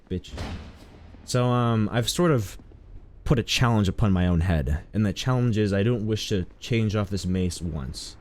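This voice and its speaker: A man's voice: lowish voice, a little mellow, slight background noise. A man streaming a game, chatting casually in a rambling, joking, self-mocking way. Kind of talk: casual live-stream commentary.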